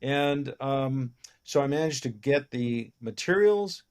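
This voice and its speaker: A man with a clear, resonant, medium-pitched voice speaks at a slow pace. He's a film producer in a casual interview, animatedly telling anecdotes and acting out the lines of the people in them.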